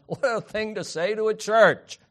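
A man preaching a sermon, swinging from loud emphatic peaks down to soft, quiet asides. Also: sits high, a little slow. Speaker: pastor.

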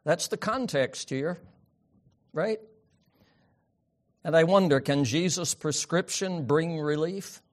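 A man preaching a sermon, swinging from loud emphatic peaks down to soft, quiet asides. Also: a little high, slow, pauses often. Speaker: pastor.

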